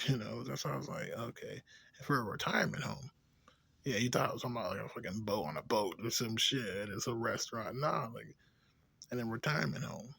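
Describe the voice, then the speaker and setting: A man ranting in a rambling, profane, casual way, drifting between low mutters and louder outbursts. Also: brisk, gravelly, breathy edge, no echo. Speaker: vlogger.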